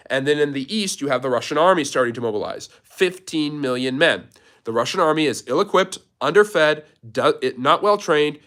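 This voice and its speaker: A man of ordinary pitch hosts a live history question-and-answer stream. He walks through events one link at a time, telling them as a story to answer a viewer's question. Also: a bit bright. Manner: storytelling, building a step-by-step chain of events. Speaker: history channel host.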